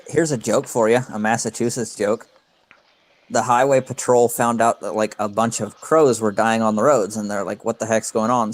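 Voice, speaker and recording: A man on a podcast panel, chatting casually and telling jokes. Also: fairly low pitch. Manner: jokey, tells joke stories. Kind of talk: casual group chat.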